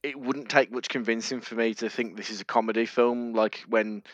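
Male co-host, rambling and halting, dry close mic. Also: medium pitch, fairly even intonation, no echo, muffled recording. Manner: rambling, halting restarts, laughs while telling. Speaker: podcast co-host. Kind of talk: casual film review chat.

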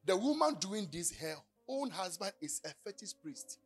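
A man with a Ghanaian accent preaching a sermon. He shouts at the peaks and drops to low storytelling. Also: sing-song, normal speed, breathy edge, soft background music. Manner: fiery, shouting at the peak then dropping to low storytelling. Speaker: pastor.

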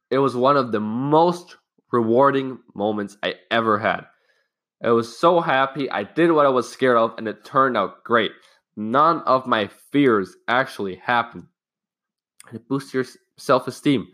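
A man's voice: medium pitch, a little slow, a bit bright. A young man hosting a casual self-help podcast, telling a personal story candidly and loosely, with some swearing. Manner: loose, rambling phrasing with restarts. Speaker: podcast host.

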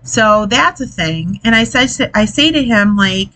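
A woman's voice: mid-range voice, expressive, moderate pace, hardly any pauses, fairly bright tone, rough recording. A woman hosting a casual podcast, a mother talking in an exasperated, chatty way and swearing now and then. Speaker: podcast host, parent. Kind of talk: casual monologue. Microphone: desk mic, hits it while gesturing.

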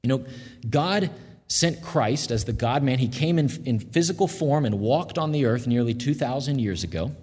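Husky-voiced man preaching in a hall. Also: mid-range voice. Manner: earnest, conversational preaching, slows and softens on quoted promises. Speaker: pastor. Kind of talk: sermon.

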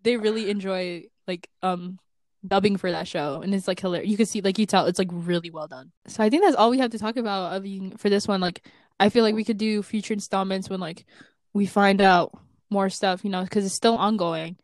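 A young woman co-hosting a podcast in casual chat, excitable and laughing often. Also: medium pitch, fairly quick, no room sound. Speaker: podcast co-host.

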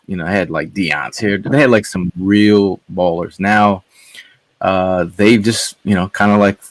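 A man's voice: lowish voice, dry recording. A man guesting on a casual sports podcast, rambling laid-back with lots of fillers.

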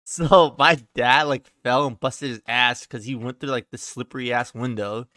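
A man's voice: mid-range voice, steady tone, normal speed, bright, forceful tone, no echo. A young man telling a childhood story in a loose, profane way on a podcast, full of "like" and "he's like". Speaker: podcast co-host. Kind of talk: casual storytelling.

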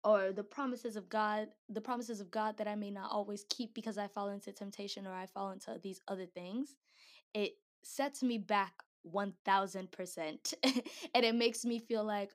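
Young woman, slangy faith talk to a group, laughs a lot, mid-pitched voice. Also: fairly even intonation, moderate pace. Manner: chatty, slangy, laughs often, acts out quotes. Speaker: speaker at a Christian gathering. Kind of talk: casual devotional talk.

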